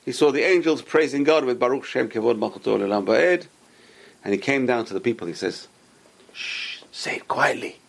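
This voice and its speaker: Gravelly-voiced man teaching a Torah class. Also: mid-range voice, a little fast. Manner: explanatory, repeats points, asks and answers his own questions. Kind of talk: casual Torah lesson.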